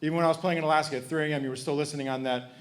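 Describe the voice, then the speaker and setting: A man's voice: a little high, steady tone, rapid-fire, slight background noise. A man in his thirties from Connecticut giving a heartfelt, emotional acceptance speech, joking with the audience. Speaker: hall of fame inductee.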